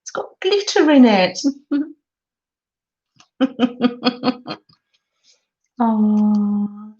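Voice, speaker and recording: Older woman, gushing slow craft-stream host. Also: medium pitch, lively intonation, a little mellow. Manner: gushing, affectionate, exclamatory. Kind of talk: chatty craft livestream, reading viewer comments. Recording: dull, lo-fi stream audio with faint noise.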